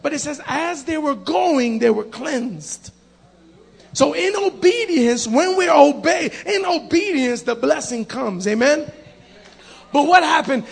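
In a very high, creaky voice, a man preaches an animated sermon, acting out the voices in his story and calling out to the congregation.

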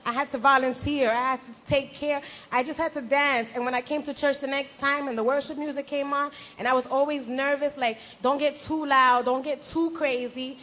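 A young woman giving an animated personal faith testimony at a church gathering, acting out her own past words and laughing at herself. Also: sits high, a little fast, hardly any pauses.

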